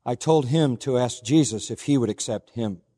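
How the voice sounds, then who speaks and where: A man preaching a sermon as pastor, telling a story earnestly and quoting others in a softer voice. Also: medium pitch, moderate pace, in a large hall.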